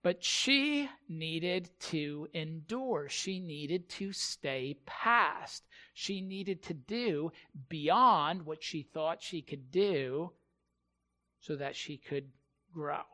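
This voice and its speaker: Bright-voiced preacher man. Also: a little high, expressive. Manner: halting storytelling, repeats words. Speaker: pastor. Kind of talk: sermon.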